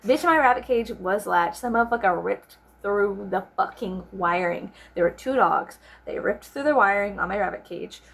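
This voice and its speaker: Gravelly woman ranting casually. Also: mid-range voice, normal speed, hardly any pauses. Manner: profane, animated, exaggerating with mock voices. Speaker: vlogger.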